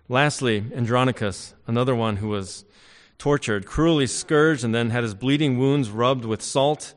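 A man delivering a sermon in a large church, his voice carrying a long reverb through the hall. He preaches with emphasis, rising to loud declarations and dropping to quiet asides, at an everyday male pitch. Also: moderate pace. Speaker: pastor.

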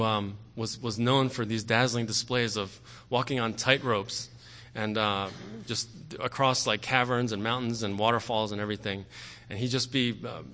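A man preaching a sermon earnestly, often pausing on "okay" and growing forceful on key words. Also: medium pitch. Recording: long hall reverb.

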